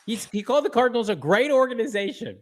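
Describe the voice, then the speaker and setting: A man co-hosting a sports talk show, joking and animated, with sudden jumps in pitch. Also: fast.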